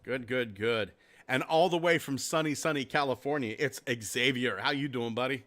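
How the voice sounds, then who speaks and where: A man's voice: mid-range voice, fairly even intonation, brisk, fairly bright tone. A man hosting a casual podcast, laughing and swearing as he chats with guests. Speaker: podcast host. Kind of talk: casual chat.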